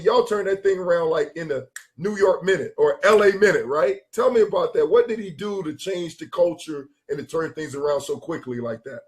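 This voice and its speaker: A male talk show host telling stories and asking questions in a lively, slangy way. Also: on the high side, slightly rough. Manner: animated storyteller, slangy. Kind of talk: casual sports talk show hosting.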